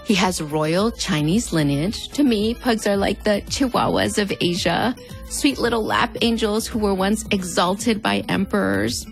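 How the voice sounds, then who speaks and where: A woman's voice: unhurried, gravelly, soft background music. A woman in her thirties with a Mexican American border accent, hosting scripted pop-culture commentary in a wry, conversational way. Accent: Mexican American border (fronterizo). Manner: conversational and wry, with playful pitch swings. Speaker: host.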